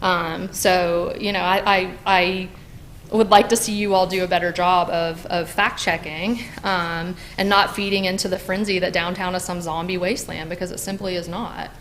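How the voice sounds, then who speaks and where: Woman, public commenter, lowish voice, heated, filler-heavy, faint room noise. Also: level tone, moderate pace, a bit bright. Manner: heated, many fillers and restarts, addresses council directly. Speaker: public commenter at a city council meeting. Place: council chamber.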